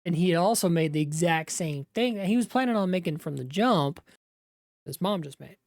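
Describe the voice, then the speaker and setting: A woman's voice: on the low side, animated, brisk, darkish tone, no echo, studio quality. A woman, a Bible teacher, retelling scripture in a conversational way, with asides to the viewer.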